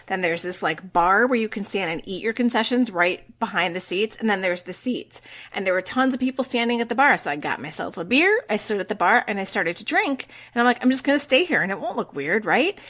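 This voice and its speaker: Middle-aged woman telling a lively story. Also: medium pitch. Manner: lively storyteller, casual swearing. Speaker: podcast co-host. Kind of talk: casual chat, telling a personal story.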